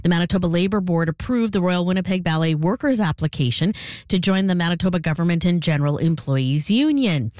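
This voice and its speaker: A woman reading a radio news update in a steady, measured newsreader manner. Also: on the low side, no room sound. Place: radio studio.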